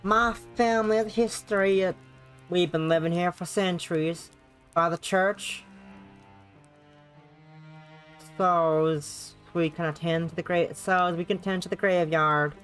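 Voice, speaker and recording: A woman voicing a gentle young village hostess in a put-on Southern drawl, soft and serious. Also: fairly low pitch, steady tone, moderate pace, soft background music, lightly acted.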